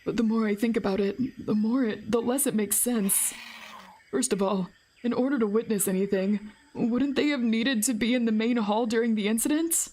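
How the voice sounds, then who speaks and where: Woman doing an uneasy young man, worried inner monologue, visual novel lead, lowered voice. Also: moderate pace, mellow, lightly acted.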